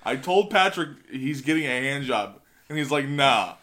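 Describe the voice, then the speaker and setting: A man's voice: medium pitch, expressive, normal speed, fairly bright tone. A man telling a story bluntly in casual chat.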